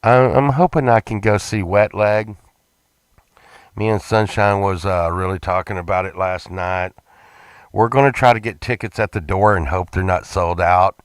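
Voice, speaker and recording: A man's voice: sits low, steady tone, normal speed, clear, resonant tone, no echo. Rambling man, dry sound. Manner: rambling, repeats himself, stumbles on words. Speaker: vlogger. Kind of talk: casual rambling chat.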